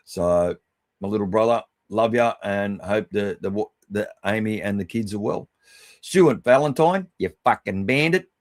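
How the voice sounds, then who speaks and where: A middle-aged man hosting a livestream, giving casual, affectionate shout-outs to viewers and swearing freely. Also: fairly low pitch, unhurried, no echo. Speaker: livestream host.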